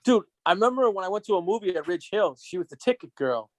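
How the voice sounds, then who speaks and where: A man's voice: sits high, lively intonation, fast talker, dry recording. A man filling in as co-host, telling rambling, profane stories in casual chat. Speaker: guest co-host.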